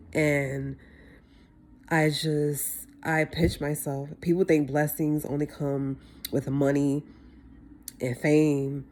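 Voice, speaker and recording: A woman's voice: low voice, darkish tone. A woman talking in a heartfelt personal vlog, emotional and repetitive as she thanks her family. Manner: emotional, repetitive, tearing up at times. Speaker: vlogger.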